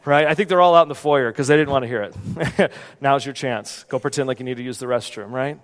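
A man's voice: medium pitch, brisk. Male pastor preaching in a reverberant hall. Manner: conversational, animated storytelling. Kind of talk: sermon with a personal story. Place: church sanctuary.

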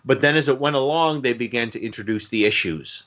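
A man co-hosting a casual chat, halting and repeating words as he starts sentences. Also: mid-range voice, fairly bright tone. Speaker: podcast co-host. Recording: dull lo-fi sound.

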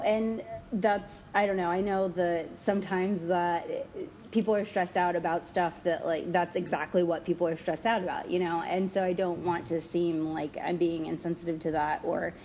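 A woman's voice: on the low side, unhurried, a little mellow, slight background noise. A woman chatting as an interview guest, rambling with many fillers and restarts and often breaking into giggles at her own stories. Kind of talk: casual interview chat.

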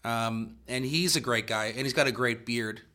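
A man's voice: mid-range voice, moderate pace, sharp tone. A man from a rock band chatting casually in an interview, rambling a little. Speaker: band member guest.

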